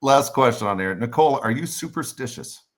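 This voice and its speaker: A man's voice: medium pitch, lively intonation, brisk. A man co-hosting a podcast, joking and casual, swearing now and then as he reads listener questions. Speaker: podcast co-host. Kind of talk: casual chat.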